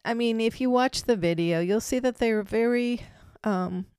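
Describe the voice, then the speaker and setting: A woman's voice: a little high, normal speed, a little mellow, clean tone, dry recording, studio quality. A middle-aged woman co-hosting a podcast, chatting casually and explaining what she researched. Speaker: podcast co-host. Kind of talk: casual chat.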